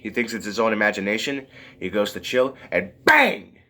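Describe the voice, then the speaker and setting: A man's voice: fairly low pitch, brisk, pushed and bright. A man reviewing a movie in a casual, rambling way, full of fillers and often giggling.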